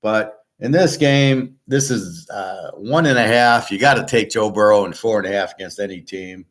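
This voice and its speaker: A man's voice: on the low side, normal speed. Blunt, profane man ranting. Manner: tells stories by acting out both sides. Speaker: sports handicapper and show host. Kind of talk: unscripted ranting monologue.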